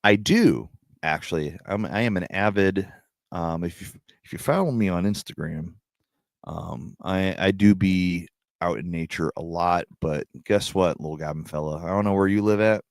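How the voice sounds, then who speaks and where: A man's voice: deep voice, moderate pace, dry recording, clean studio sound. A young adult man hosting a casual livestream hangout, talking in a laid-back, profane way and laughing often. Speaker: livestream host.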